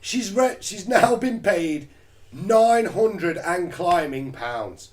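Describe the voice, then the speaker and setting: A man co-hosting a crude comedy chat, animated and mocking, swearing a lot. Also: sits high, slow, crowd noise. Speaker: co-host.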